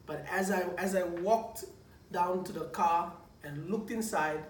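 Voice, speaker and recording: A man's voice: high-pitched, unhurried. Guy preaching his testimony, keeps restarting and repeating words, mic far off, echoey, bit of hiss. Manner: lively retelling, stammering restarts and repeated words. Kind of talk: personal testimony storytelling. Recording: echoey room, distant mic, faint noise.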